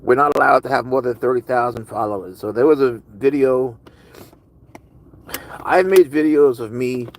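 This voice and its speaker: A man's voice: mid-range voice, normal speed, a little hiss or hum, rough recording. A man streaming live, casually chatting with viewers and answering their comments in a rambling, curious way.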